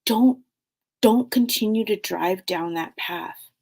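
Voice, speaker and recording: A woman relaying the gentle, urging words of a late father's spirit, in her own gravelly voice lifted a little. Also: mid-range voice, takes it slowly, heavily acted. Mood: encouraging.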